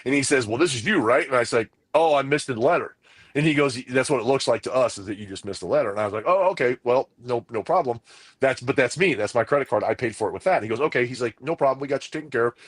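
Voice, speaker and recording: A man's voice: medium pitch, fast, slightly rough, dry recording. Man telling a rambling convention story. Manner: rambling, excited anecdote with quoted dialogue. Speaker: podcast co-host. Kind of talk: casual chat, animated storytelling.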